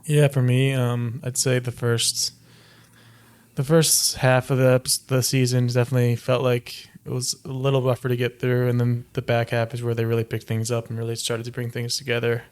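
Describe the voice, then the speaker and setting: A man's voice: medium pitch, completely flat delivery, moderate pace, darkish tone, smooth. A man co-hosting a film podcast in casual chat, hesitant and repeating words as he goes. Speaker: podcast co-host.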